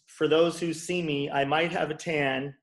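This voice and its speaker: A man's voice: a little high, flat delivery, measured pace, echoey room. A man in his forties, a chiropractor and bodyworker, telling his story frankly in an interview and swearing casually. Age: 40s.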